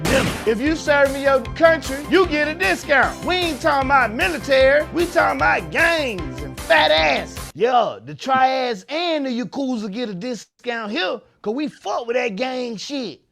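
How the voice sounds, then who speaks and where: A boastful, crude restaurant owner with a fairly high voice, as a podcast host puts him on. He talks loud and brags over music playing underneath. It is a comedy sketch. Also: big pitch swings, moderate pace, gravelly, hardly any pauses, heavily acted.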